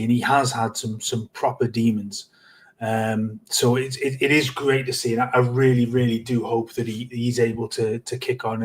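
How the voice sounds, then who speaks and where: A middle-aged man co-hosting a casual football podcast, talking earnestly with many halting repeats. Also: mid-range voice. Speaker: podcast co-host.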